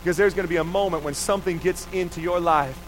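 A man's voice: high-pitched, steady tone, quick pace, a little hiss or hum, poor audio. A man preaching a sermon, telling a personal story and putting rhetorical questions to the congregation. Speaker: pastor.

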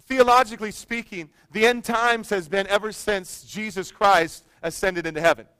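A man's voice: high voice, moderate pace, pushed and bright, clear, resonant tone, no echo. A man preaching a sermon to his church, chatty and humorous, telling personal stories. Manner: conversational storytelling with humor. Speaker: pastor.

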